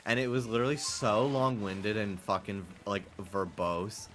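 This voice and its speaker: A man's voice: on the low side, fairly even intonation, moderate pace, a bit bright. A man streaming a game and chatting casually, rambling and profane, sarcastic, laughing often, from the United States.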